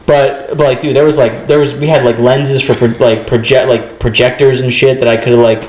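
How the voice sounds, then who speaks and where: A man's voice: medium pitch, level tone, brisk, darkish tone, roomy sound, poor audio. A young adult man, a comedian guest, telling a rambling story in casual chat and acting out the voices he quotes.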